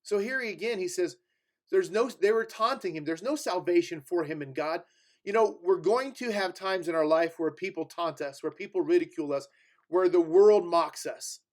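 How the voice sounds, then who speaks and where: A man's voice: sits high, brisk. A male preacher teaching through scripture in a conversational sermon, reading verses aloud and stressing key words, with fillers and restarts. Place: church sanctuary.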